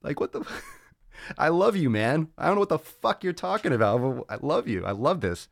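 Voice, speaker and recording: A man hosting a casual solo podcast, loud, laughing and profane, talking on a close mic. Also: fairly high pitch, sing-song, moderate pace, vocal fry, no echo. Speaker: podcast host.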